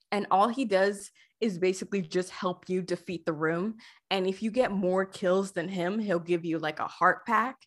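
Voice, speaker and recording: A woman chats on a podcast in a mid-range voice, gushing with animated excitement. She fills her talk with lots of fillers as she retells her time with a game. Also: medium pitch. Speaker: podcast guest. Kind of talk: casual podcast chat about a video game.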